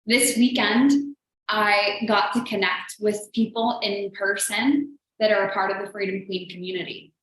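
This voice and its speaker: Slight background noise sits under a woman's medium-pitched, fairly bright voice as she hosts a motivational live stream as a business coach. The room is very echoey, and her chatty, earnest delivery leans heavily on "like".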